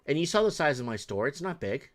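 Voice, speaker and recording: A Canadian man in casual chat, telling a story in an animated, exasperated way with stammering restarts. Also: on the high side, fast.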